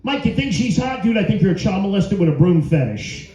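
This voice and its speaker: With a high, very animated and mellow voice, a middle-aged man moves a little fast through a crude, brash comedy set, bantering with the crowd. He's at a comedy venue in front of a live audience, and the recording sounds roomy and dull.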